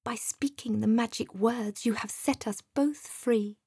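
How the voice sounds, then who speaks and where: A woman's voice: fairly high pitch, measured pace, mellow, breathy edge, no room sound, clean studio sound, exaggerated voice. A woman doing a kind clicking dolphin. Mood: grateful.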